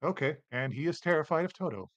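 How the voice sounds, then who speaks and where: A man narrates a tabletop game as its game master, relaxed and unhurried, with plenty of fillers. The sound is dry and close to the mic. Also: on the high side, no room sound, highs cut off.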